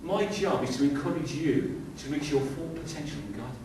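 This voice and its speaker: With a fairly high, darkish voice at normal speed, a middle-aged man preaches as pastor before a congregation in a church hall. His sermon is conversational and peppered with rhetorical questions, captured by a distant mic in a very echoey room with faint hiss.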